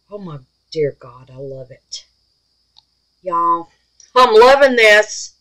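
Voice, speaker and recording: A woman chatting through a crafting vlog, gushing and excitable, calling her viewers babies and y'all, dropping from squeals to hushed murmurs. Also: medium pitch, poor audio. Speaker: resin crafter, channel host.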